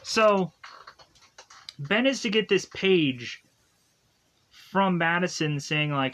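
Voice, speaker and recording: A man's voice: high-pitched, expressive, slow, long pauses, a bit bright. A man reviewing a film, retelling its plot casually in a rambling way, full of "like" and loose phrasing. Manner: rambling, filler-heavy retelling with many "like" and "is to go on". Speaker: movie reviewer. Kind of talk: casual spoken plot recap.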